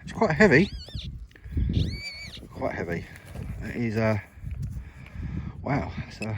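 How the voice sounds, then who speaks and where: Out in an open field with his metal detector, a middle-aged West Country man gives casual commentary to his viewers, addressing them as guys and mate. He speaks slowly in a lowish voice with huge pitch swings, over the noise of the outdoor recording.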